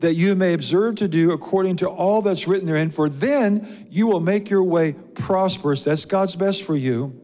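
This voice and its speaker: A man's voice: high voice, normal speed, hardly any pauses, warm tone. Preaching man in a reverberant church. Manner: preaching with repeated lists and scripture readings. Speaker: pastor. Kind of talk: sermon. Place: church sanctuary.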